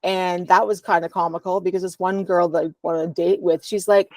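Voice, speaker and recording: A woman's voice: lowish voice, fairly even intonation, fairly quick, darkish tone, no echo. A woman, a podcast guest, candidly telling a personal story at home over a video call, with a rambling flow and frequent ums.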